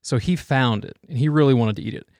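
A man's voice: mid-range voice, fast, darkish tone, dry recording, clean studio sound. A man in his thirties, a father of young kids, telling stories in casual chat with lots of fillers. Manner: rambling storyteller, many fillers.

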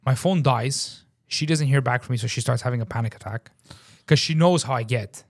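A man telling a story in casual chat, animated, swearing a lot and saying "bro", acting out his own shouting. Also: medium pitch, a little fast, creaky. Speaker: podcast host.

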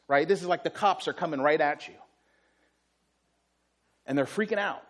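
High-voiced male pastor. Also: normal speed, a bit bright. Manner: vivid storyteller who acts out quotes. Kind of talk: sermon.

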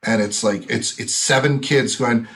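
A man's voice: mid-range voice, unhurried, a bit bright. A man from central Wisconsin in his thirties, chatting casually and wryly, often mimicking people he quotes. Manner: wry, mocking, quotes people in put-on voices. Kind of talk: casual chat.

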